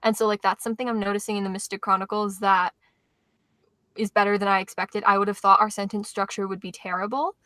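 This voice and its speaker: A woman's voice: medium pitch, little pitch movement, quick pace, pushed and bright, no echo. A chatty, upbeat teenage girl in a casual talk about writing. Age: teens. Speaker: author and co-host.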